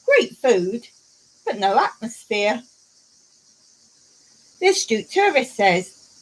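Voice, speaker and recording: A woman's voice: on the high side, sing-song, slow pace, pauses often, low-quality recording. A woman hosting a casual live stream from home, telling jokes and reading viewer comments aloud with frequent giggles.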